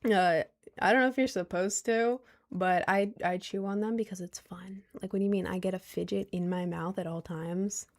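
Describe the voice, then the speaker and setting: A woman's voice: medium pitch, fairly even intonation, moderate pace. A woman of twenty chatting casually on a stream, answering viewer questions in a rambling, giggly way with lots of restarts. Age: 20s.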